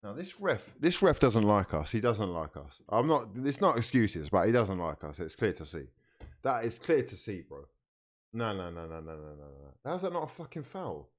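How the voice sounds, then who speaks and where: Streaming as a fan, this man reacts live to a football game, cursing in frustration and erupting in shouts at the players. His pitch runs lowish, he's very animated, and his speed is normal.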